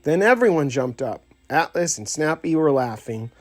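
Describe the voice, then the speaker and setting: In a recording with no room sound, a man with a slightly high voice narrates a children's story at a moderate pace. This audiobook narrator reads the script expressively, voicing each character.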